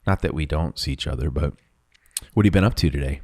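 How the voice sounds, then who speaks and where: A man's voice: extremely low pitch, fast, darkish tone, no room sound, studio quality. A middle-aged man hosting his podcast, upbeat and enthusiastic, reading an ad and chatting with a guest. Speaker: podcast host. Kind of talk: casual chat and read ad.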